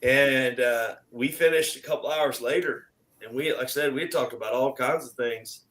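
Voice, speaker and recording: A man's voice: medium pitch, normal speed, rough recording. A middle-aged man, a guest on a casual chat show, telling a long story and acting out what people said. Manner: animated, acts out quoted exchanges.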